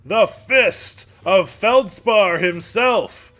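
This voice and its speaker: A man voicing a showy male arena announcer who stretches and shouts his words. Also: high voice, pitched above the performer's own voice, exaggerated voice. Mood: hyping crowd. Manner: drawn-out shouting showman.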